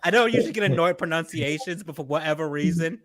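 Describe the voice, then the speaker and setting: A man co-hosting a casual podcast, swearing freely and telling quick anecdotes. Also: a little high, dry recording. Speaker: podcast co-host. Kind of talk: casual chat.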